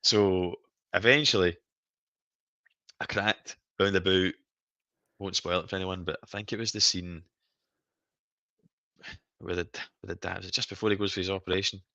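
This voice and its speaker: A man's voice: deep voice, fairly even intonation, normal speed, gravelly, pauses often, sharp tone, no room sound, dull audio. A Scottish man in his thirties hosting a casual live stream chat, telling stories animatedly and laughing often. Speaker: stream host.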